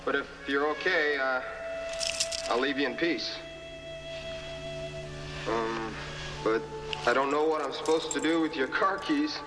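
A man's voice: medium pitch, measured pace, pauses often, music in the background, lightly acted. An actor playing a polite, nervous young man who hesitates and reassures a frightened stranger. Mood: reassuring. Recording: roomy film audio with reverb and score.

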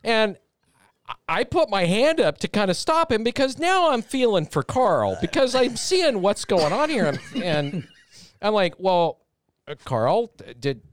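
A man telling a story in a lively way, acting out the people in it, played back as a podcast clip. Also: high-pitched, unhurried, slight background noise. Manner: animated, acts out voices, laughing through the story. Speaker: radio host and guest. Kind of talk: animated storytelling.

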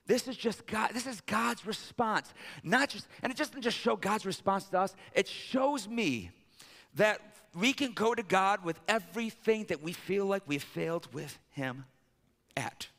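A male pastor preaching a sermon. He swings between loud, emphatic peaks and low, intimate stretches. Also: long reverb tail.

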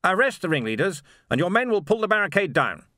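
A blustering, self-important officer snaps out orders in a raised, strained pitch. His indignation never settles. A man reads him in an audiobook. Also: very animated, quick pace, pushed and bright, no room sound, studio quality, heavily acted. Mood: indignant. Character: pompous blustering male officer.

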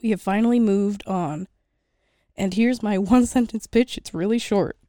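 A woman's voice: medium pitch, moderate pace, warm tone, no echo, studio quality. A young woman co-hosting a podcast in casual chat, easygoing, at times reading notes aloud. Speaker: podcast co-host.

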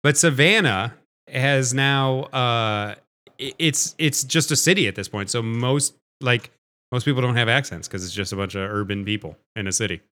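A man's voice: mid-range voice, normal speed, pushed and bright. A man co-hosting a podcast in casual chat, rambling and restarting his sentences, with some swearing. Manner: rambling, self-interrupting, swearing. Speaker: podcast co-host.

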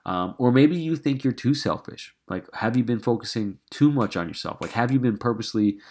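A man's voice: mid-range voice, animated, brisk, darkish tone. A man hosting a solo podcast as a life coach, talking in an earnest, passionate way with frequent restarts, his voice stuffy and nasal.

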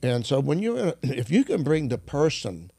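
A man who is a minister, telling stories in an animated, preaching style, often clearing his throat. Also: mid-range voice, normal speed, dry recording, clean studio sound. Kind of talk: storytelling preaching conversation.

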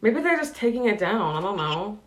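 A woman's voice: medium pitch, big pitch swings, moderate pace, a bit bright. A teenage girl co-hosting a podcast, telling a story in a giggly, rambling way. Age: teens. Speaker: podcast co-host. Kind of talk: casual chat. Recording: echoey room.

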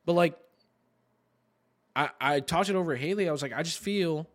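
Rambling, cursing podcast host, fairly high voice. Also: male voice, a little fast. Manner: rambling and heavy on profanity, with lots of "like" fillers; animated, re-enacts others in quoted asides. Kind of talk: casual podcast storytelling.

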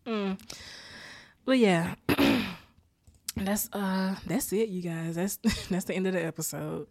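A woman's voice: mid-range voice, takes it slowly, long pauses, dry recording, studio quality. Laughing, profane woman recapping a sitcom. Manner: profane, laughs often, animated storytelling. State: tired after a rough weekend. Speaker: podcast host recapping a sitcom. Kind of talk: casual chat recap.

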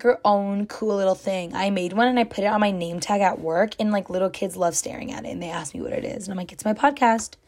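A woman's voice: medium pitch, a little mellow. A young woman hosting her own podcast, talking to listeners in a gushing, chatty way and filling her sentences with "like". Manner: gushing and chatty, heavy use of "like". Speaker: podcast host. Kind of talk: casual solo podcast chat.

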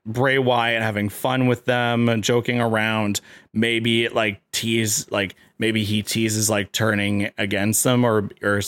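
A man's voice: medium pitch, no room sound. Rambling man, casual chat. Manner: rambling, lots of "like" fillers, excitable.

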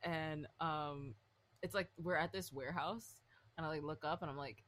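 Animated woman in her twenties, storytelling. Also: low-pitched, normal speed, a little hiss or hum. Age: 20s. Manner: animated, filler-heavy, swears freely. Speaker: podcast co-host. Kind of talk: casual storytelling chat.

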